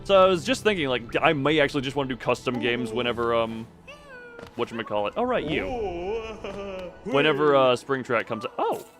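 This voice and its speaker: Over background music, the man talks briskly at a medium pitch with big pitch swings. While playing a game on stream, he chats casually and rambles, frequently stopping mid-sentence and speaking to his chat as well as to himself.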